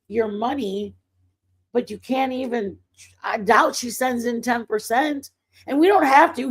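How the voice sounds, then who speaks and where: A woman hosting a livestream, telling faith stories in a casual, animated way and breaking into excited outbursts. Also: a little high, husky. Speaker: livestream host.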